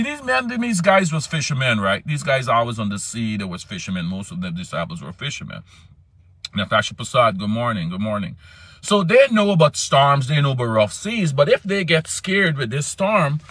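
A man preaching a sermon with fervor, his voice climbing high when he acts out desperate pleas. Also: animated, normal speed, fairly bright tone, no room sound.

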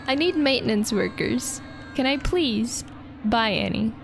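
A young woman streaming a park-building game, excitable, swearing a lot and laughing often. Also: high-pitched, measured pace, soft background music. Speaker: vtuber streamer. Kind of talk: casual gameplay commentary.

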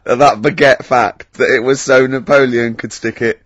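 A man's voice: medium pitch, fairly even intonation, normal speed, a bit bright, breathy edge, no room sound, highs cut off. A man co-hosting a comedy radio chat, laughing and teasing. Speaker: radio co-host.

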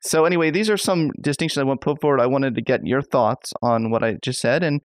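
A man's voice: medium pitch, quick pace, no echo. A man hosting a podcast interview, enthusiastic and thinking aloud with lots of fillers. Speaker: podcast host. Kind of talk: conversational interview.

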